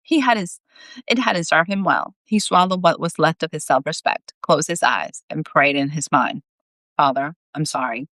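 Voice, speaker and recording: A woman author reading her own story aloud on a live video, expressive and emotional, with chatty asides. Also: sits low, normal speed, hardly any pauses, no room sound. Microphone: live video stream.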